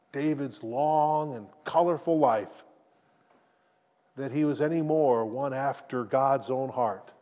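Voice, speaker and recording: A man preaching a sermon, retelling a story dramatically and swinging between loud and hushed delivery. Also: mid-range voice. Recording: long reverb of a large hall.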